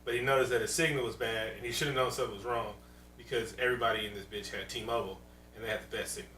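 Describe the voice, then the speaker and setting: Animated, profane man in a roomy room. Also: medium pitch, rapid-fire. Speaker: podcast co-host. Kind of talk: casual chat. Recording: roomy, distant mic, faint hum.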